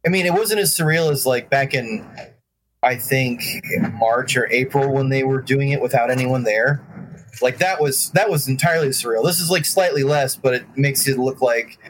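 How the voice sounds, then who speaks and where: A man's voice: medium pitch, moderate pace, rough recording. Hesitant man with faint background hiss. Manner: hesitant, many ums and uhs. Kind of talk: casual group chat.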